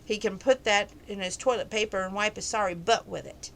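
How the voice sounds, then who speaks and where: A woman's voice: mid-range voice, steady tone, brisk, gravelly, a little hiss or hum, close to an everyday voice. A woman reading the part of a blunt, feisty female bar owner with brash comebacks.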